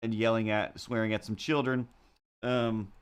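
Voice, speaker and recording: A man's voice: fairly low pitch, level tone, normal speed, smooth. A man streaming live, telling a story in a casual, rambling and wry way with self-mocking asides. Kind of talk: casual chat while drawing on a livestream.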